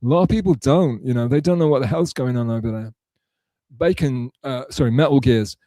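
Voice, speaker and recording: A man's voice: medium pitch, a little fast, warm tone, dry recording. A man streaming live, reading chat messages aloud and answering in a rambling, sarcastic way with many restarts.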